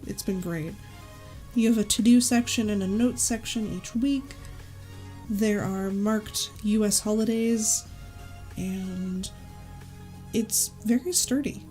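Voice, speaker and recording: Woman vlogger, casual and upbeat, mellow tone, recommends products with offhand asides. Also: mid-range voice, slow, pauses often, soft background music. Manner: chatty, enthusiastic, self-correcting asides. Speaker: YouTube creator.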